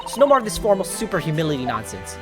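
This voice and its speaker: A man's voice: fairly high pitch, huge pitch swings, racing, music in the background. A man reading the lines of a cheerful, boastful young male defense lawyer in his own voice.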